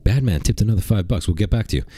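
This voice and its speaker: A man's voice: on the low side, expressive, very fast, warm tone, breathy edge, no room sound. A man doing mocking livestream reaction commentary, rambling and sarcastic, repeating rhetorical questions.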